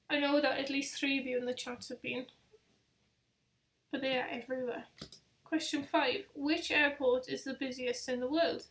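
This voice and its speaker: A young woman with a high-pitched voice hosts a casual live travel quiz stream, chatting and rambling with self-deprecating asides. Background noise can be heard.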